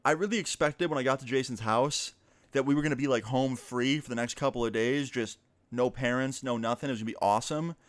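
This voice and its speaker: A man's voice: mid-range voice, quick pace, no room sound. A young man telling a personal story in a casual, rambling way, with swearing and fillers. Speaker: vlogger.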